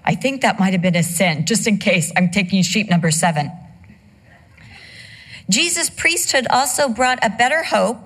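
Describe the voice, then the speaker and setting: A woman's voice: medium pitch, lively intonation, normal speed, fairly bright tone. Female preacher, middle-aged, chatty sermon delivery with playful asides. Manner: conversational, tells humorous personal anecdotes.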